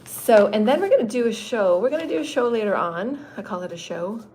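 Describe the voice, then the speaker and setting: A woman's voice: fairly high pitch, expressive, brisk, darkish tone, a little hiss or hum. A woman in her fifties hosting a spiritual channeling livestream from an indoor meeting room, talking in a loose, rambling way, laughing often and swearing freely. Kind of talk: casual rambling livestream chat.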